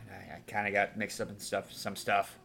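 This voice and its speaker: A man's voice: lowish voice, completely flat delivery, a little fast, vocal fry, sharp tone. A man playing a tabletop game in a laid-back, hesitant, joking manner. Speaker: player. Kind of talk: casual tabletop role-play.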